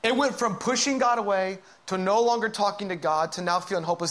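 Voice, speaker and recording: A man preaching a sermon, swinging between loud, urgent calls and hushed whispers as he acts out inner voices. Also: high-pitched, expressive, fast talker, hardly any pauses. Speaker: pastor.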